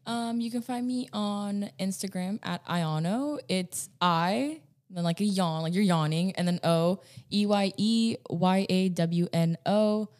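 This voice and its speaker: A woman's voice: medium pitch, a little slow, darkish tone. Easygoing woman, the show's engineer. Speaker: podcast engineer and co-host. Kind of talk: casual chat.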